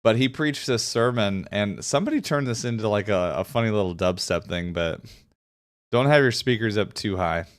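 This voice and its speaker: A man's voice: fairly low pitch, expressive, moderate pace. A man streaming and chatting casually, rambling with frequent laughs and the odd swear word. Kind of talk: casual chat. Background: background music.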